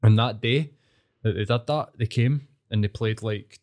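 A Scottish man in his thirties chatting casually, swearing freely and telling stories with animated energy. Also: mid-range voice, moderate pace. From Scotland. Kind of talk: casual chat.

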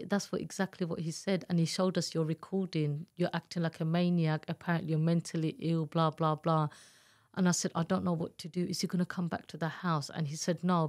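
A woman tells her own story in an interview, with a voice that sits slightly low. She speaks candidly and earnestly and slips into the voices of the people she quotes. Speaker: guest, abuse survivor telling her story. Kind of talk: emotional personal storytelling.

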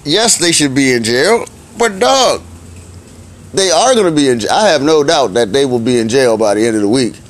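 A man's voice: mid-range voice, animated, normal speed. A man delivering a blunt, profane comic rant in slangy casual speech, often climbing into exasperated outbursts.

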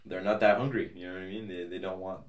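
A man's voice: low-pitched, steady tone, fast, echoey room, recorded from a distance. A young man as a podcast guest, chatting casually in a rambling, hesitant way with many fillers and restarts. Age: young adult. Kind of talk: casual interview chat.

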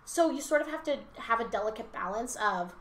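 A young woman with a bright, slightly high voice tells a classroom story on a casual podcast, slipping into the children's voices as she goes. She sounds like she is in a roomy space with some echo. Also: fairly quick, slight background noise. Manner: animated storyteller, acts out kids' voices. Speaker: teacher and podcast co-host.

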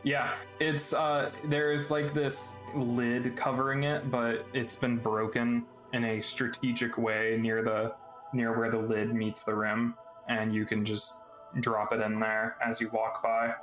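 A man's voice: medium pitch, flat delivery, slow pace, fairly bright tone, roomy sound, faint music behind, poor audio. A man narrating a tabletop game as game master, loose and laughing, full of filler words.

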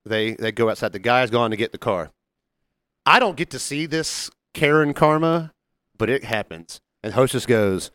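A man's voice: mid-range voice, normal speed, no room sound. A man co-hosting a casual podcast, telling workplace stories and acting out the people in them. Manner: animated storyteller acting out quotes. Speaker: podcast co-host. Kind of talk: casual storytelling chat.

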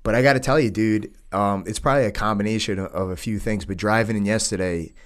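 A man's voice: on the low side, fast talker. A man in his thirties from New York, hosting a casual chat and calling people dude and man. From New York, United States. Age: 30s. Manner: easygoing, says dude and man often. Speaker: podcast host.

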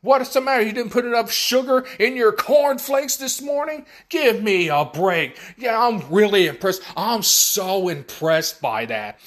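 High-voiced, unhurried sarcastic podcast host. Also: male voice. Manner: animated, sarcastic recapping. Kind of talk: casual wrestling commentary.

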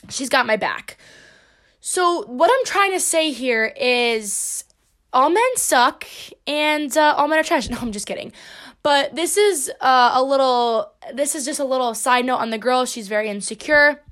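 Young female podcast host, high voice, brash and profane, playful solo chat. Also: lively intonation, moderate pace, fairly bright tone. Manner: brash, profane, joking storyteller.

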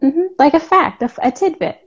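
A woman's voice: high-pitched, fairly quick, muffled recording, crowd noise. A woman hosting a casual live interview, chatty and encouraging, with lots of fillers. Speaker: podcast host. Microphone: live stream call.

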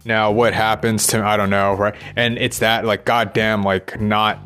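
A man's voice: fairly low pitch, little pitch movement, unhurried, sharp tone, soft background music. A man thinking aloud in a rambling personal monologue, restless and swearing as he questions himself.

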